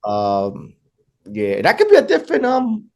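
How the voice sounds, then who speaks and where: A man hosting a relaxed interview, his voice a little high and swinging widely in pitch. He reacts openly and laughs a lot. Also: unhurried, gravelly, highs cut off. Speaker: podcast host. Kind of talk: casual interview conversation.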